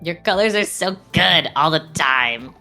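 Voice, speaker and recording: A woman's voice: low voice, animated, measured pace, bright, forceful tone, faint music behind. A young woman streamer chatting casually while drawing, rambling and giggly with lots of fillers.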